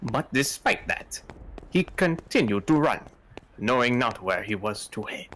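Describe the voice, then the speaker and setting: A man voicing a mysterious, prankish woman maid who narrates the game, in a put-on German accent that comes out French, reading slowly and deliberately. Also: medium pitch, sing-song, a bit bright, a little hiss or hum, low-quality recording. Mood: ominous. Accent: put-on German that sounds French. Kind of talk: reading a game's narration aloud in a voice.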